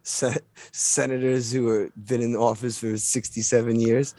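A man's voice: mid-range voice, flat delivery, moderate pace, dark tone, dry recording. A man joining a podcast as a guest, trading teasing jokes in casual chat. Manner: teasing, wisecracking.

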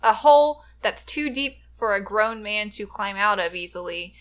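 A woman co-hosting a podcast, recapping a film in animated, exasperated casual chat. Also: mid-range voice, moderate pace. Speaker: podcast co-host.

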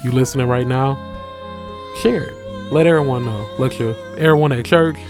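A man's voice: mid-range voice, normal speed, music in the background. A man co-hosting a podcast in a laid-back, slangy casual chat. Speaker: podcast co-host.

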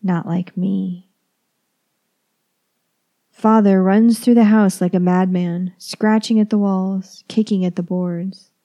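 Woman narrator for a horror reading: measured, whispery, gravelly and dark in tone. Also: medium pitch. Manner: calm, measured, dropping into whispers. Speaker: storyteller. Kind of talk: first-person horror story reading.

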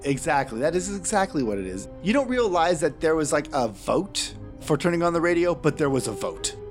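A man's voice: fairly high pitch, big pitch swings, a little fast, soft background music. A man running a tabletop game as game master, narrating scenes with dry, wry asides.

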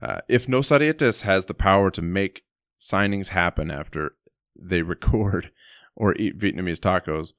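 A man's voice: deep voice, measured pace, fairly bright tone, dry recording. A man co-hosting a casual sports podcast, making dry jokes between his points. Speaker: podcast co-host.

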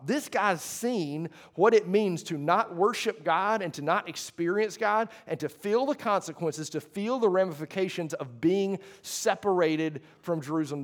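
A man delivers a sermon to his congregation in a church hall. His voice sits a little high for a man. He keeps it conversational and loose, often restarting phrases and making asides. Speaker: pastor.

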